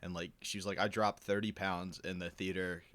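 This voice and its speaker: A man co-hosting a comedy podcast, teasing the others and telling quick stories. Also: deep voice, flat delivery, a bit bright. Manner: teasing, fast storytelling. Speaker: podcast co-host. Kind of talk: casual comedy chat.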